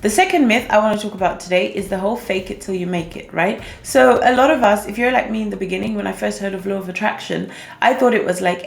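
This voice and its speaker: A woman's voice: mid-range voice, fast talker, gravelly. A young woman, a manifestation coach, giving chatty, upbeat advice to camera, often checking in with "okay?" and "right?". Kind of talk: casual talk-to-camera advice vlog. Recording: echoey room with faint music behind.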